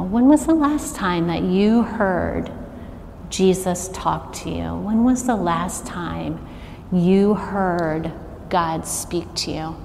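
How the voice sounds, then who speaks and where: A middle-aged woman preaching a sermon, animated and asking the congregation to call out answers. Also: fairly low pitch, gravelly, a little hiss or hum. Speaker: worship arts director preaching. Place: church sanctuary. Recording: long reverb of a large church hall.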